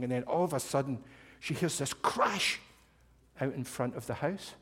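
A man's voice: medium pitch, unhurried, slightly rough. Man telling children a story in a hall. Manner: warm, animated, talks directly to children. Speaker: children's story teller at a service. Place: church hall. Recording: long hall reverb.

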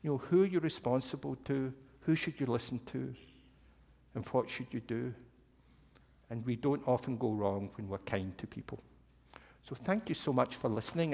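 A man tells a children's story at a service, lively and speaking directly to his young listeners. His medium-pitched voice trails off into the long reverb of a large hall. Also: creaky. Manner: warm, animated, talks directly to children. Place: church hall.

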